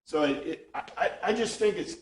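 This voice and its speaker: A man's voice: fairly high pitch, expressive, a little fast, slight background noise. A man teaching an informal Bible class, thinking aloud with frequent restarts. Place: classroom with a small group. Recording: echoey room, speaker far from mic.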